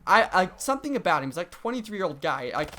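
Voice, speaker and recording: A man's voice: high-pitched, big pitch swings, quick pace, sharp tone, slight background noise. A man in his twenties casually telling a story time, rambling with lots of "like". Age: 20s. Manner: rambling, heavy use of "like". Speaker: gaming vlogger.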